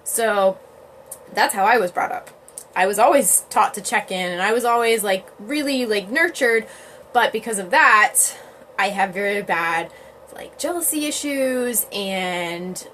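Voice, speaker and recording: A woman's voice: a little high, slight background noise. A woman hosting a live stream, talking casually to her viewers, laughing often and filling her talk with "like". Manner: chatty, laughs often, many "like" fillers; acts out quoted parents and babies in lively voices. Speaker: livestream host.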